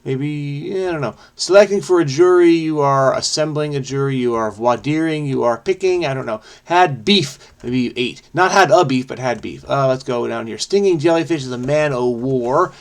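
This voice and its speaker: A man's voice: medium pitch, normal speed, hardly any pauses. A man hosting a crossword video, thinking aloud in a rambling, self-questioning way as he solves. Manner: rambling, self-questioning, frequent "I don't know". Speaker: crossword solving video host. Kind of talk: casual think-aloud puzzle solving.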